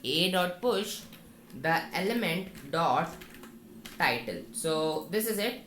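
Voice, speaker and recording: A man walks through a coding tutorial, explaining each step in a slow, instructive way. His voice sits on the low side, and the unhurried pace leaves room between his phrases. The room is echoey, with faint keyboard typing underneath. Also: animated, a bit bright, slight background noise. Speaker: programming tutor. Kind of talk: screen-recorded coding tutorial.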